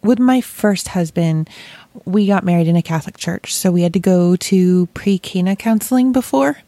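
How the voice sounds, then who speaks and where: Woman host, candid and joking, quick bursts of talk, dry close recording. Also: on the low side, warm tone, no echo. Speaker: podcast host. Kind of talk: casual chat.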